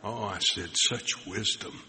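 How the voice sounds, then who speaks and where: Deep-voiced pastor telling a sermon story. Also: male voice, fairly even intonation, slow. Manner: storytelling, acting out his dialogue, drops to soft near-whispers. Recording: long hall reverb with faint background noise.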